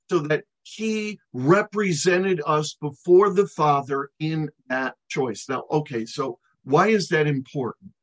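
Husky middle-aged man, pastor mid-sermon, emphatic, stretches key words and drops his voice at the ends of phrases. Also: fairly high pitch, poor audio. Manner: emphatic, slows to stress key words, drops to near-silent on final words. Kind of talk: expository sermon.

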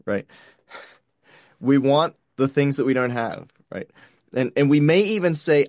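A man delivers a sermon in an easy, conversational manner, checking in with "right?" and doubling up words as he thinks. His voice sits at an ordinary pitch, and the recording is dry and close with little room sound. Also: a little mellow, no room sound. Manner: stammers and repeats words. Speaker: pastor.

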